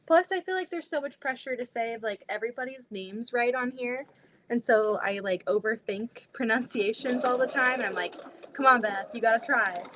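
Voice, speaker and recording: A woman's voice: on the high side, moderate pace, a little hiss or hum. A young adult woman hosting a casual live sewing stream, chatting freely, reading viewer comments aloud and laughing easily.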